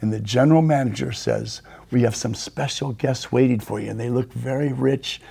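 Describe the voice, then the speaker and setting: Gravelly older man telling stories. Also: mid-range voice, dark tone. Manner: unhurried anecdotes, quoting others in dropped voice. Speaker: podcast host, storyteller. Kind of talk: casual storytelling interview.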